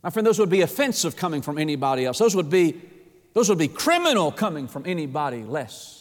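A man preaching a sermon, impassioned, often repeating words and swinging between hushed and rising delivery. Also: fairly high pitch, very animated, fast talker, big-room sound.

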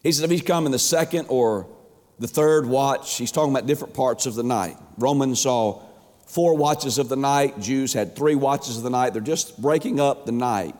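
A man preaching an emphatic sermon as a pastor, stretching words and swinging his pitch up and down. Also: normal speed, darkish tone. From Georgia, USA. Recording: long hall reverb.

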